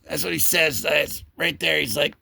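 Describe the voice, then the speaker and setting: A man hosting a casual comic book read-through, joking and rambling as he voices the characters in quick asides. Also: fairly high pitch, vocal fry, sharp tone, a little hiss or hum. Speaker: comic book channel host.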